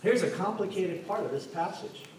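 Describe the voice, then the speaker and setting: Here the preacher speaks at a moderate pace in a voice that sits high, joking around and quizzing his congregation during the sermon. The recording comes from a distance in a reverberant hall with slight background noise.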